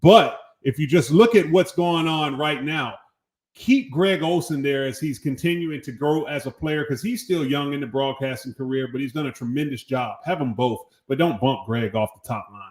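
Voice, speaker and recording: A man's voice: mid-range voice, moderate pace. A man co-hosting a sports podcast, making emphatic points and often starting with "listen". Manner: emphatic, praises with "listen" and "tremendous". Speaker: podcast co-host. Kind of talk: casual sports talk. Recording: roomy echo.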